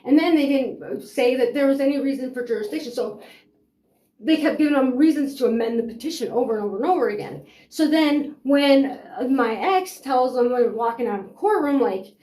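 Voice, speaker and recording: A woman's voice: high-pitched, lively intonation, brisk, dark tone. A woman telling her own story of a custody fight, rambling and frustrated, with lots of fillers. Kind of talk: personal storytelling. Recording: roomy echo.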